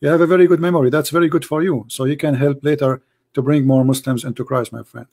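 A man with an Arabic accent hosting a live call-in show, hoarse from losing his voice, preaching fervently and rising to emphatic declarations. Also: fairly high pitch, steady tone, fast talker, a little mellow.

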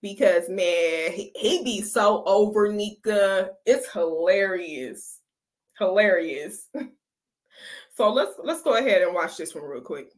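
A woman's voice: mid-range voice, lively intonation, slow. A woman runs a casual reaction stream, speaking to her viewers in loose slang. She laughs often and keeps the chat going between clips. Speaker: reaction video host.

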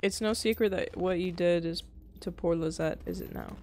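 A woman's voice: on the low side, steady tone, normal speed, darkish tone, a little hiss or hum, natural voice. A woman reading out a mocking female game villain. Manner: teasing, condescending.

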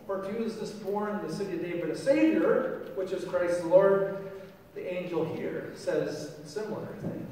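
A pastor delivering a sermon in a church sanctuary, his voice pitched high and ringing through a long, echoey hall. He is animated and playful, often stopping to ask the congregation questions. He is picked up from far off, with faint room noise underneath. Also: moderate pace.

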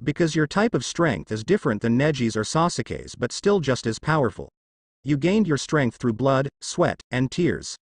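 A man's voice: mid-range voice, lively intonation, moderate pace, no room sound, studio quality. A man reading as an earnest, formal young ninja.

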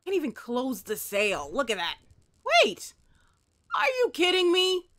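Brief: woman gamer, let's-play commentary, unhurried, bright tone, chats to the game objects. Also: high-pitched. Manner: talks to the game and its objects, swings between mopey and excited outbursts.

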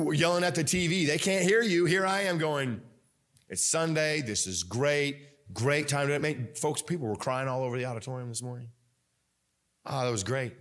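Pastor, sermon delivery, slightly high voice, chatty and animated, lots of fillers and restarts. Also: male voice.

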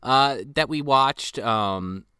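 A man co-hosting a casual movie review podcast, griping in an animated, exasperated way about the film's flaws. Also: mid-range voice, slow pace, clear, resonant tone, no echo, clean studio sound. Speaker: podcast co-host.

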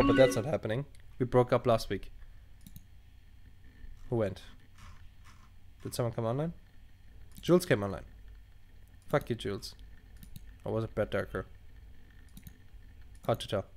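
A man's voice: mid-range voice, animated, normal speed, pauses often, a little mellow. Man reading game chat with sarcastic asides. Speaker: let's play gamer. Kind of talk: casual let's play commentary. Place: at home at a computer.

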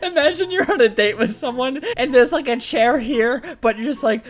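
A young man giving excitable, foul-mouthed comedic commentary while playing a game, often bursting into laughter. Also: very high-pitched, moderate pace, hardly any pauses, faint music behind. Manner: excitable, swears a lot, frequent laughing outbursts. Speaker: gaming YouTuber. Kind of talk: comedic let's-play commentary.

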